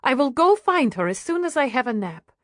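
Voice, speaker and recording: A woman reading an audiobook in a hushed, grave first-person voice. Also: high-pitched, big pitch swings, brisk, no room sound, clean studio sound. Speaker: audiobook narrator. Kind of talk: scripted audiobook narration.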